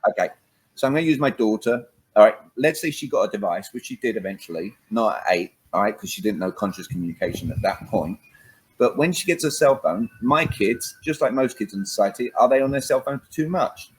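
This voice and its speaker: A British communication coach talks in an animated interview, his husky voice fairly low and fairly quick. He's emphatic, punctuating points with "all right" and acting out little dialogues, though the recording is rough.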